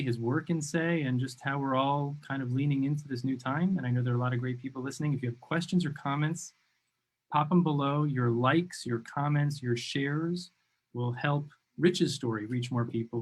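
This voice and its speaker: A man from New York hosting an interview over a video call, talking enthusiastically and rambling, often repeating himself. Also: mid-range voice. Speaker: host. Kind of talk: conversational interview.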